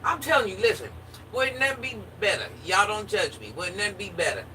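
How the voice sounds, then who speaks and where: Playful joking woman, sharp bright voice. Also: mid-range voice, lively intonation, moderate pace. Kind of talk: casual chat with viewers. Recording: distant mic with faint background noise.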